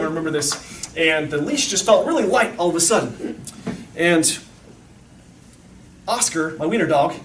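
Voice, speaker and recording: Addressing an audience of parents, a high-voiced man gives an animated talk and acts out the people in his stories. The mic is far off in a large, echoey room, with faint room noise in the background.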